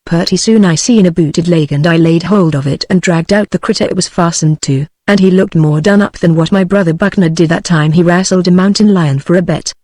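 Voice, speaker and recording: A text-to-speech voice of a woman with a British English accent, reading an audiobook in a steady, even way. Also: on the low side, dry recording. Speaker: audiobook narrator.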